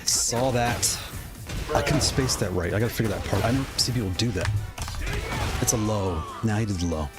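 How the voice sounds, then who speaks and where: A man streaming himself in a fighting game tournament, talking nervously and excitedly through each match and repeating himself. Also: on the low side, moderate pace, loud music behind the voice. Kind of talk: live gameplay commentary.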